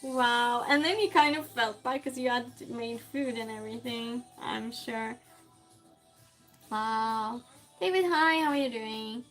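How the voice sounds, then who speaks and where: A woman's voice: fairly high pitch, unhurried, a bit bright, faint music behind. A woman streamer chatting casually while she cooks, reading viewer comments aloud and answering them with frequent laughs. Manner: laughs often, teases the chat. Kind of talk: casual chat while cooking.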